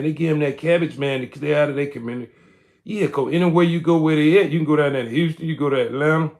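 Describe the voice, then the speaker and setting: A man hosting a livestream, ranting in casual commentary. He is emphatic and repeats his points, tagging lines with "man". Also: on the high side. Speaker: livestream host. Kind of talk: live-stream commentary rant.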